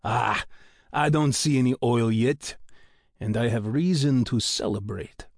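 A man voicing a cheerful, easygoing male oil engineer who talks in an unhurried, upbeat way. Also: mid-range voice, flat delivery, creaky, slightly rough, dry recording, studio quality, heavily acted. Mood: breezy.

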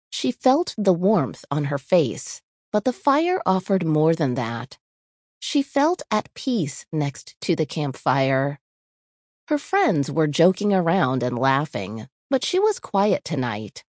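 A woman reads a spooky storybook aloud in a low, unhurried voice. Her pitch rises and falls freely as she paces each line, and the dry, close recording has no room sound at all. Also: no echo. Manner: measured, expressive reading with character voices. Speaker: audiobook narrator. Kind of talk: scripted storybook narration.

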